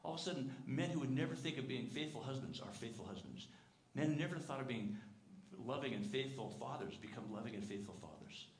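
A man preaching a sermon as pastor, earnest and emphatic, dropping soft and low on tender lines and telling stories with lively quoted voices. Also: fairly quick. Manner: lively storytelling, putting on character voices in quotes. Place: church sanctuary. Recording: echoey church sanctuary with faint room noise.

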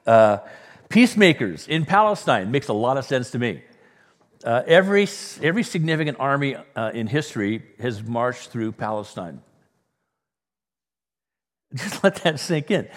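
A man from Southern California preaching a sermon as pastor, joking, with sudden loud bursts and quiet asides. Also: mid-range voice. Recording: long hall reverb.

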